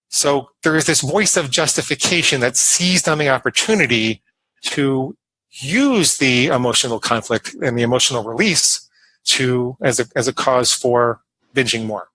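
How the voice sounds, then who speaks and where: A man's voice: medium pitch, moderate pace, pushed and bright, no echo, low-quality recording. A man in his fifties, a podcast guest telling a personal story in an earnest manner. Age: 50s. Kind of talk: interview storytelling.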